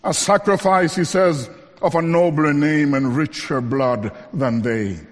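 High-voiced man preaching in a hall. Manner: preaching with wide swings between raised emphatic lines and low quiet ones; slows down to stress key phrases. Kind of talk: sermon.

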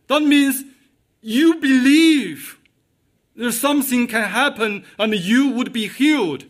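A man's voice: very high voice, animated, slow pace. A man preaching a sermon, repeating his key questions with emphasis.

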